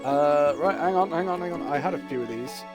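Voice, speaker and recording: A man's voice: fairly high pitch, fairly quick, music in the background. A man, chatting casually and rambling while streaming a puzzle game. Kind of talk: casual gameplay chat.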